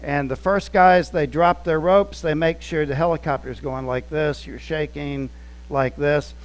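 A man's voice: a little high, steady tone, unhurried, clean tone, low-quality recording. A male pastor preaching in a conversational way, telling anecdotes and acting out scenes as he goes. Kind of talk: storytelling sermon.

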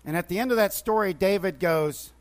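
A man's voice: high-pitched, fast talker. A man teaching from the Bible, retelling scripture stories with quoted dialogue and frequent restarts. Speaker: preacher.

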